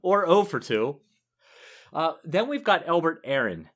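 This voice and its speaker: A man's voice: a little high, very animated, unhurried, fairly bright tone. A man in his forties co-hosting a podcast, chatting casually, rambling and laughing easily. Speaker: podcast co-host. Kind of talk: casual chat.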